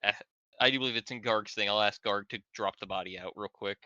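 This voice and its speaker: Bright, measured male player, dry close sound. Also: on the low side, no echo, muffled recording. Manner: measured, in-character first person. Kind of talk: casual tabletop play.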